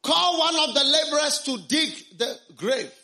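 Man, preacher, very high lively voice, bright tone, dramatic storytelling, sermon. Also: unhurried. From studied medicine. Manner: dramatic storytelling, acting out the characters' lines. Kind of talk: sermon with interpreter.

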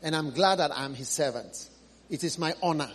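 A man preaches an impassioned sermon at a moderate pace, his voice carrying a breathy edge. He moves from loud, high cries to low, hushed appeals, repeating phrases and pleading with the congregation.

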